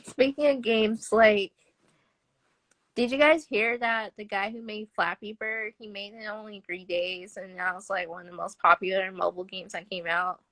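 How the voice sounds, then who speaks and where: Her voice is medium in pitch and fairly bright, with fairly even intonation and a moderate pace. As a guest game developer on a casual podcast conducted via live video call, she chats about the games she's working on and laughs often between remarks. The audio comes from a phone or webcam mic on a live stream and has no echo.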